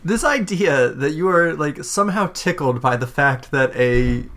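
A woman with a strikingly deep voice runs a tabletop role-playing game. She talks casually and with a wry, teasing edge, tossing out quick asides. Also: animated, fairly bright tone, faint music behind. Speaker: game master.

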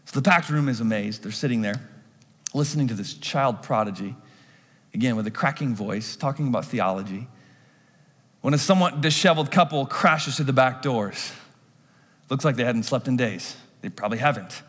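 Animated male pastor preaching. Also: mid-range voice, moderate pace, in a large hall. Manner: animated storytelling, acts out voices. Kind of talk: sermon. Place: church.

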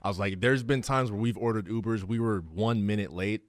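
A man excitedly retelling a story with friends, jumping in and loudly acting out quotes. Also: on the low side, brisk, no room sound, clean studio sound. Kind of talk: casual storytelling chat.

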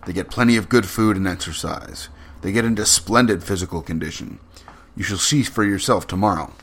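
A man voicing a suave, cruel aristocratic general with smooth, mocking menace. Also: sits low, fairly quick, fairly bright tone.

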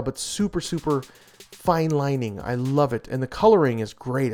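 Male comic reviewer, higher-pitched, animated and gushing, casual delivery with restarts.

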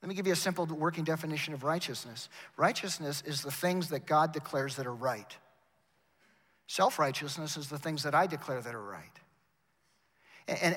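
His voice a little high and a bit bright, a man preaches a sermon in a university chapel, the recording carrying the long reverb of the big space. He rings out emphatically, repeating words and speaking straight to the congregation.

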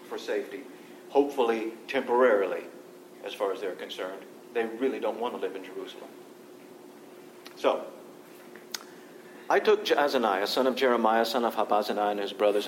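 A man teaching a Bible study to a group, reading scripture aloud and explaining it in a conversational way. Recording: echoey room with faint low rumble.

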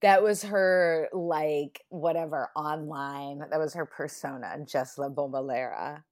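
Lady podcast host with a lowish voice, telling the story casually, lots of slang. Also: fairly even intonation, a little slow, darkish tone. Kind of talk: casual chat.

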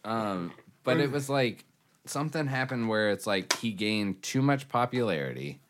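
A man's voice: on the low side, animated, moderate pace, noisy background. A man in his thirties co-hosting a podcast, rambling in casual chat with many "like" fillers. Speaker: podcast co-host.

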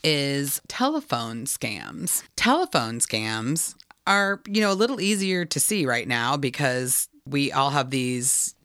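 A woman co-hosting a casual chat, telling a story in an animated way and acting out the other people's lines. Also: extremely low pitch, takes it slowly, no echo, studio quality. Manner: animated storyteller, acts out dialogue. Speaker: co-host.

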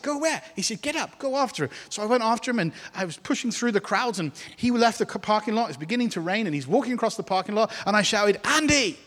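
Male pastor, higher voice, storytelling sermon that acts out conversations, recorded with a long hall reverb. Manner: animated storyteller acting out dialogue, many restarts.

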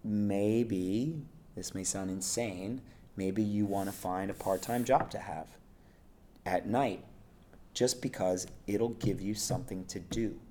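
A man with a fairly low voice, speaking as an acting coach. He is conversational and animated, and often checks in with his listener. The tone is casual interview talk. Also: takes it slowly, a little hiss or hum. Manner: animated, conversational, lots of "right?" and "you know".

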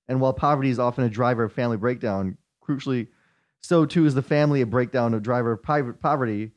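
A man co-hosting a podcast, recapping news stories in a relaxed, rambling way. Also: medium pitch, fast talker, no room sound, highs cut off. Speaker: podcast co-host presenting stories. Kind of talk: casual chat.

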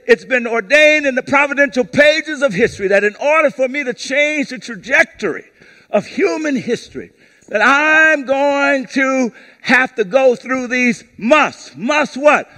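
Male pastor, high-pitched and forceful, leading call-and-response preaching in a church. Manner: lively call-and-response preaching, asks the congregation to repeat words; acts out brief quoted voices in a lowered tone. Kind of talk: sermon. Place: church service before a congregation.

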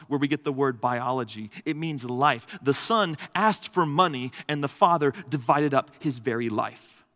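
Male pastor preaching, earnest, stacks up lists, big hall echo, mid-pitched. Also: a bit bright. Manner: earnest, emphatic, builds lists to a peak. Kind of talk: sermon. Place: church hall. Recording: long reverb of a large hall.

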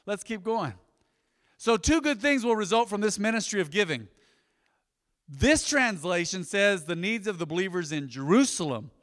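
A man, a pastor preaching a sermon in a folksy storytelling way, jumping from soft asides to loud bursts. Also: high-pitched. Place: church sanctuary. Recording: long hall reverb.

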